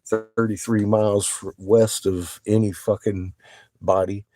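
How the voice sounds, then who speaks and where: A middle-aged vlogger with a deep, dark voice shows off his rock collection from inside his RV, taking his time in a loose, profane monologue. He turns excited and conspiratorial while pointing out shapes, with no room sound on the recording.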